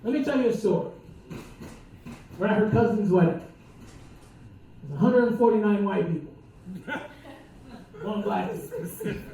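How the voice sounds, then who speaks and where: A man's voice: sits high, measured pace, long pauses, mellow. A man doing a stand-up set, profane and rambling, laughing at his own lines. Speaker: stand-up comedian. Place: comedy club stage. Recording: echoey club from far off.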